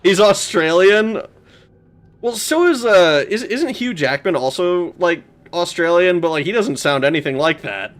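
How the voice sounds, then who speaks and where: A man's voice: high voice, expressive, unhurried. A man streaming a game, chatting casually, rambling, swearing and answering his chat. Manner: rambling, swears, laughs, talks back to chat. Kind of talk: casual gameplay commentary.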